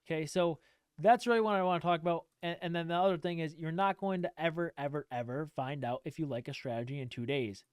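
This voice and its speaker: Ranting man with a smooth voice. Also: fairly high pitch, fast, a little mellow, no echo, clean studio sound. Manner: emphatic, repetitive, swears casually. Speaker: trading streamer. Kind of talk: direct-to-camera rant.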